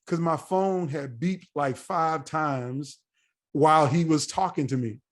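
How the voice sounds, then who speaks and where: A man in his forties, a podcast guest telling a story in a casual, animated way and acting out the dialogue. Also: fairly high pitch, slow pace. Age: 40s. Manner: animated, acts out quoted dialogue.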